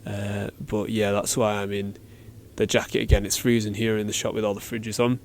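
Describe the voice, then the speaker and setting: A man's voice: lowish voice, little pitch movement, normal speed, slight background noise. A man hosting a casual solo podcast, talking in a chatty, slangy way and acting out little made-up exchanges, recorded in a shop. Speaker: podcast host. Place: cold shop with fridges.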